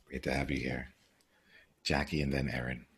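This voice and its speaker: A man hosting a video call, calmly directing who speaks next. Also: extremely low pitch, normal speed, slightly rough. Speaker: host.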